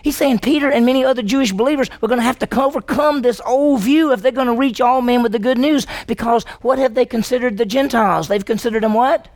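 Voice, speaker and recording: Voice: mid-range voice, fast, few pauses. A pastor preaching a sermon, telling the story vividly and putting questions to the congregation. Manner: storytelling, acting out the dialogue; emphatic, asks the congregation questions.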